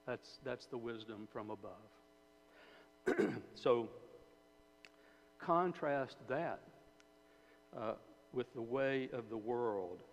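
Speaking slowly in a mid-range voice and pausing often, this man delivers a sermon as a preacher or Bible teacher. His style is conversational: he poses questions to the audience and frequently repeats words and starts over. A faint hum runs under the dull hall recording.

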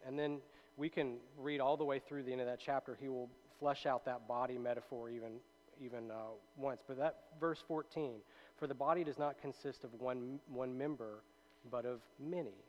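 A man's voice: mid-range voice, steady tone, moderate pace, darkish tone, muffled recording. A man teaching a Bible study in a loose, conversational way, reading passages aloud and checking in with his listeners. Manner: conversational, with many fillers and tag questions.

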